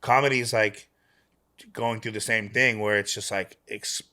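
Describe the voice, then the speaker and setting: A man's voice: lowish voice, fairly even intonation, a little slow, bright, forceful tone. A man from Melbourne with an Australian accent, chatting casually as a podcast guest and swearing freely among lots of filler words. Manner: laid-back, swears a lot, heavy on filler words. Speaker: podcast guest, rapper and producer.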